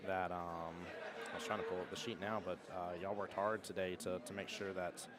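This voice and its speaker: Deep-voiced, fast-talking man over a crowd. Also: flat delivery. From United States. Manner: chatty, rambling with restarts. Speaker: pool stream commentator. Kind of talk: live stream commentary. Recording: crowd noise.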